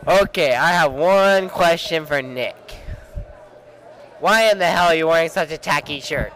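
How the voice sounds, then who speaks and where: A teenage boy with a high voice joins a casual, goofy chat outdoors. He teases his friend with mock-serious questions. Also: expressive, a little slow, fairly bright tone, a little hiss or hum, poor audio. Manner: teasing, jokey questioning. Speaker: co-host asking questions.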